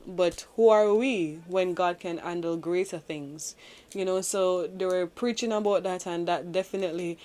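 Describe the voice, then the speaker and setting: A woman's voice: lowish voice, a little mellow. Young woman vlogging about her faith, earnest and chatty, lots of likes and ums. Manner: earnest, confiding, many fillers. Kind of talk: personal faith vlog.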